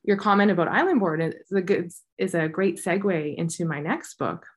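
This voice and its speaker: A woman with a somewhat low voice co-hosts a book podcast. She speaks thoughtfully and gives information, pausing to restart her sentences. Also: breathy edge. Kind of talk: casual book review chat.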